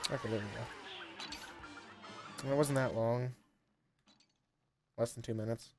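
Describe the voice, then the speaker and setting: Rambling man streaming a game. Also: mid-range voice. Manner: rambling, self-deprecating, laughs often. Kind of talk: casual live-stream commentary.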